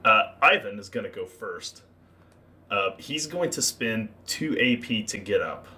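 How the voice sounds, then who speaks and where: A man acting as game master, narrating a tabletop game and explaining rules with relaxed fillers. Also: fairly low pitch, unhurried.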